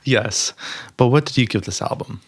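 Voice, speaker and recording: A young man co-hosting a podcast in casual chat, upbeat and quick with asides, laughing often. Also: medium pitch, husky, no room sound. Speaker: podcast co-host.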